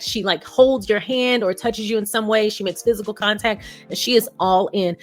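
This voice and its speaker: A woman vlogger giving casual commentary to her viewers, chatty and candid, poking fun at herself. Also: mid-range voice. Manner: chatty, candid, self-deprecating storyteller.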